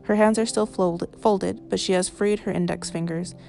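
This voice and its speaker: A woman podcast host reading a literary short story aloud in a measured, even way, recorded in her car. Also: mid-range voice, gravelly, soft background music.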